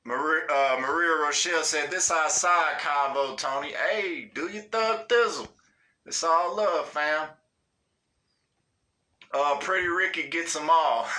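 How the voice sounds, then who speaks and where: Guy on a livestream reading chat comments, slow and easygoing, really bright sharp tone, swears a lot, keeps cracking up. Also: on the high side. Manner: laid-back, slangy and profane, cracking up often.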